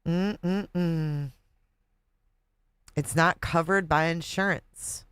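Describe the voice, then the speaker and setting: A woman's voice: fairly low pitch, fairly even intonation, very slow, fairly bright tone, clean tone, dry recording. A woman hosting a reaction livestream, bluntly swearing and reading chat aloud in casual commentary. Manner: blunt, swears a lot, incredulous.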